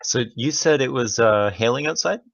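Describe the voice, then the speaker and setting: A man playing a tabletop game, describing his character in a halting way with many fillers. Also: mid-range voice, expressive, creaky, a bit bright, no room sound, muffled recording. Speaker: player.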